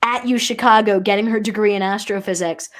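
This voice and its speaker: A woman on a podcast panel telling an animated anecdote, full of "like" fillers. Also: medium pitch, fairly quick. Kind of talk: casual storytelling in a group chat.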